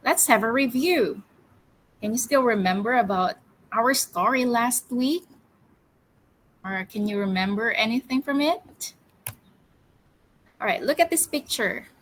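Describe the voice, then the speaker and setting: A woman teaching English to young children, speaking slowly and clearly, drilling words for them to repeat and praising them. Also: fairly high pitch, animated, poor audio. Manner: slow, clear, encouraging, drills words for repetition. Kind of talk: classroom storytelling lesson for children.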